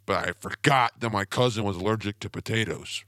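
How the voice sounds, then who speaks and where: A man's voice: on the low side, fairly quick, fairly bright tone, no echo. A young man hosting a podcast, telling rambling goofy stories in a casual comedic monologue. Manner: rambling, goofy, self-promoting storyteller. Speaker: podcast host.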